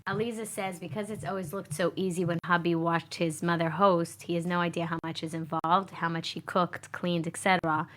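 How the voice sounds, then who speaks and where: A woman's voice: on the low side, steady tone, fairly quick, hardly any pauses, fairly bright tone. A woman co-hosting a talk show, reading viewer comments aloud and chiming in with short agreements. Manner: brief agreeing replies, reads comments aloud. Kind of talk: casual chat.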